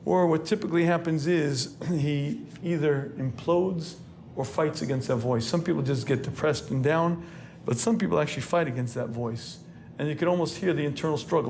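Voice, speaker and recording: Man, rabbi, sermon, earnest lecturing, clears throat often, slightly high voice. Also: normal speed, a little mellow, a little hiss or hum.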